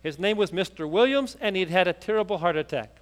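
A man preaching a sermon, telling a story rapidly and then rising into fervent, emphatic preaching. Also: high-pitched, animated.

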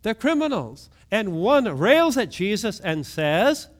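A man preaching a sermon, moving between hushed low lines and sudden raised outbursts, often asking his listeners questions. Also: big pitch swings, slow pace. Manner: asks the congregation questions. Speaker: pastor.

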